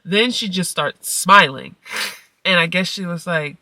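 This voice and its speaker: A middle-aged mommy vlogger tells a story in a loose, chatty way, and her voice leaps up high whenever she acts out what someone said. Her tone is bright and forward. The recording is dry, with the mic set a little away from her. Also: moderate pace, no echo, recorded from a distance. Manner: animated storytelling, acts out quotes with big pitch jumps. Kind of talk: casual vlog talk.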